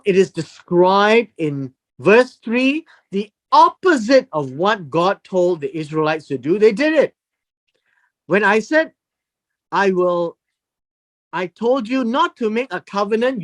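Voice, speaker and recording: A Bible teacher working slowly through a passage, stretching out key words with an unhurried pace. The pitch rises and falls a great deal, and points are driven home with emphatic repetition. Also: sing-song. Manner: deliberate, emphatic, explains word meanings with repetition.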